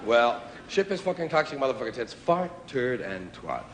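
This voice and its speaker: A man doing a stand-up comedy routine before a live audience, with a wry, drawn-out delivery and sudden loud outbursts. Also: medium pitch, big pitch swings, heavy background noise. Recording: live club recording with crowd laughter. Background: audience laughter.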